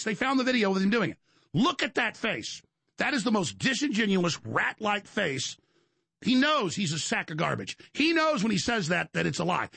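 A man's voice: high-pitched, gravelly, bright, forceful tone, husky, no echo. A man hosting a talk show, telling angry stories in a rant, with frequent restarts and repeated words. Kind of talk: ranting monologue.

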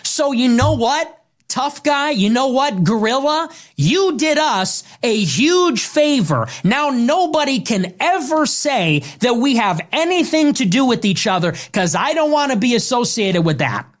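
A woman's voice: on the high side, sing-song, unhurried, few pauses. A woman delivering a heated political rant, combative and sarcastic, hammering points with repeated phrases. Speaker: political commentator.

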